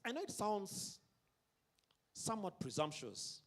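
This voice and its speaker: Preaching at a concert venue, a man speaks with a fairly high voice that rises and falls dramatically. His delivery is forceful and drawn out, and he has the audience say lines back after him.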